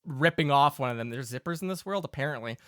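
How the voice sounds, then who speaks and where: A man's voice: mid-range voice, lively intonation, quick pace, fairly bright tone, clean tone, dry recording. A man narrating as game master of a tabletop game, casual and full of fillers.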